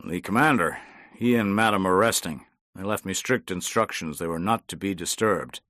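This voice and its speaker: Man doing a stiff yacht captain, low voice, unwelcoming. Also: moderate pace, fairly bright tone, no echo, studio quality.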